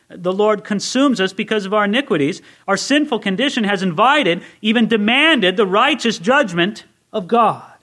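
Male Bible teacher with a high voice, earnest sermon delivery that swings from hushed to forceful. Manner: earnest, swings from quiet to emphatic. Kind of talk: expository sermon.

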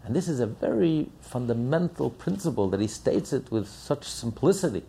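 A man's voice: mid-range voice, sing-song, normal speed, mellow, slight background noise. A man giving a sermon as a rabbi, emphatic and repetitive, firing rhetorical questions. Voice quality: gravelly, husky.

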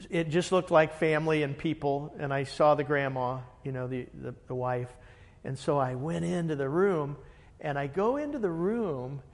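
A man, a pastor, telling a story in a lively way and acting out the dialogue. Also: on the high side, in a large hall. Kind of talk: animated storytelling.

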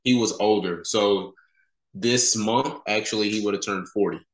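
Low-voiced man, casual, roomy echo. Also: normal speed. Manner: casual slangy talk, many "you know" fillers. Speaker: podcast guest. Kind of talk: candid conversational storytelling.

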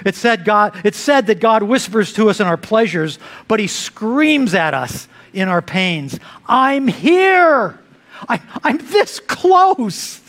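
High-pitched guy preaching a sermon, gets loud then goes real quiet. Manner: preaching with sharp swings between loud emphasis and hushed asides. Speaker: pastor.

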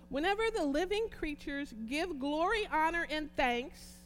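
A woman preaching a sermon and reading scripture aloud, moving from hushed tones to loud shouts. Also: high-pitched, animated, measured pace, hardly any pauses, a little hiss or hum, rough recording. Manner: passionate, swings from hushed to shouting.

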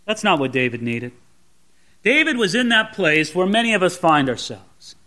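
High, bright-voiced male preacher. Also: big pitch swings, normal speed. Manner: dramatic, voices the Bible characters with rising intensity. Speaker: pastor. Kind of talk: expository sermon.

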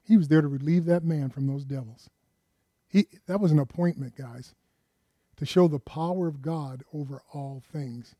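A man's voice: fairly high pitch, moderate pace, no room sound, highs cut off. A man preaching a conversational sermon in a folksy way, often putting questions to his listeners.

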